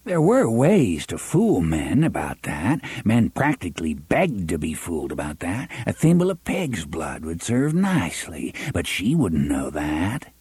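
A man reading a novel aloud as an audiobook narrator, measured and unhurried, sometimes dropping to a soft half-whisper. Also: low voice, huge pitch swings, breathy edge, dry recording. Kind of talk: scripted narration.

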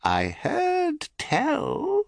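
A cackling, croaking old crone. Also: male voice, extremely high pitch, wildly swooping pitch, drawn-out words, dry recording, voice pushed up, heavily acted. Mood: gossiping. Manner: wheedling, prying. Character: scheming goddess disguised as cackling old crone.

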